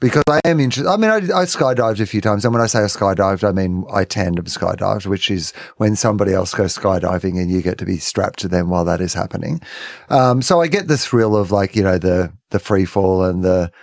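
A man with a fairly low voice hosts a relaxed interview and adds wry remarks between quick nods of agreement. The recording is dry and close. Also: gravelly, dry recording. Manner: conversational, frequent short backchannels, wry asides. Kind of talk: casual interview chat.

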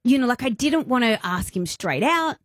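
An Australian woman in her thirties on a breakfast radio show, telling a family story with a lively, swooping pitch. Her voice is close and dry in the studio, chatty and animated. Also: moderate pace, dry recording. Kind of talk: casual radio chat. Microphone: studio microphone.

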